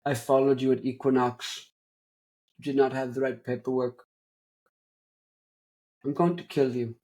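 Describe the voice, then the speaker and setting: A man doing a bored, deadpan hitman. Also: mid-range voice, a little slow, lightly acted. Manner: flat, indifferent deadpan.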